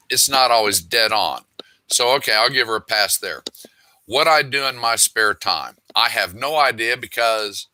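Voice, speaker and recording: Bright-voiced man, wry and exasperated. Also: fairly low pitch. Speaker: author. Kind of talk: casual monologue reading emails aloud.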